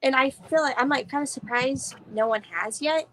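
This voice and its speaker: A woman's voice: high-pitched, normal speed, a bit bright, a little hiss or hum, rough recording. A woman guest in a casual watch party chat, talking chattily with lots of "like" and swearing. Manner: chatty, swears, heavy use of "like".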